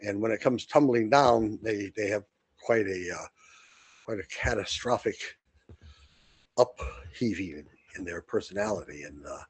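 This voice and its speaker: A man's voice: on the low side, a little slow, pauses often, husky, dry recording. Blunt, rambling male podcast host. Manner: rambling, blunt, with frequent restarts and fillers. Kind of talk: casual monologue.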